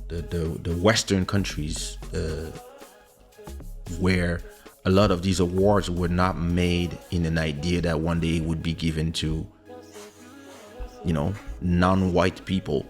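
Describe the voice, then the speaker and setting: A man with a low, fairly deep voice hosts a casual podcast chat. He talks animatedly, jumping up in pitch to act out the people he quotes. Faint music sits quietly underneath. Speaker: podcast host.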